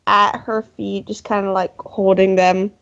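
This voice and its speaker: A woman playing a tabletop game who chats in an eager, animated way. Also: mid-range voice, measured pace, vocal fry. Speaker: player. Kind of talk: casual chat in a tabletop game. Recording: dull lo-fi stream audio.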